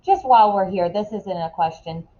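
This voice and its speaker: A woman teaching a classroom lesson in a casual way, asking quick questions and often checking in with "right?". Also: medium pitch, dark tone, dull audio.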